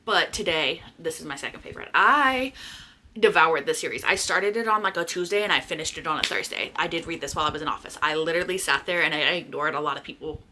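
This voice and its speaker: A woman with a bright, sharp-edged voice talks to camera in a loose, chatty book-review style. She gushes, swears casually and keeps calling her viewers y'all, with a faint hum of the room behind her. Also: low voice, quick pace. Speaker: book vlogger.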